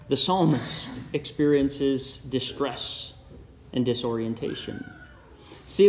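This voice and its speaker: A man delivers a sermon in a fairly high voice. He speaks in a measured way and turns often to the congregation with direct questions. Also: a little mellow. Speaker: preacher.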